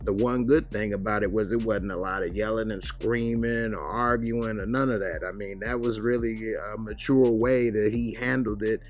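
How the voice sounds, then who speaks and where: A TV show reviewer with a low, steady voice loosely retells the scenes of an episode in a casual, conversational recap, dropping in quick acted quotes. There is slight background noise.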